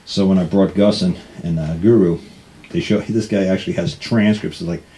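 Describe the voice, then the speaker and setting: Speaking at normal speed with a low-pitched, warm and steady tone, a man hosting a radio talk show rambles through anecdotes. He mimics other people's words and frequently laughs as he casually tells stories.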